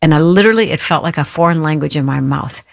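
A woman's voice: low-pitched, fast, creaky, no room sound, clean studio sound. A woman hosting a faith talk show, telling a personal story in an earnest, heartfelt way and speaking directly to listeners to encourage them. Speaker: radio show host.

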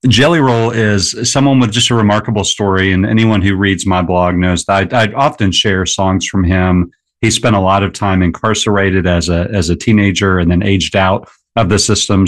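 A man's voice: deep voice, steady tone, normal speed. A man speaking as a radio guest, talking in an earnest, reflective manner about a song. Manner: earnest, reflective, laughs easily. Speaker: guest, blogger. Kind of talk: casual radio conversation. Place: radio studio. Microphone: studio microphone.

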